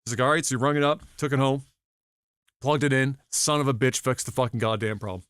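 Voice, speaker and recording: This co-host talks fast in a mid-range voice while casually telling a podcast story, full of swearing and acted-out reactions. The tone is clean, and the recording is dry and studio quality.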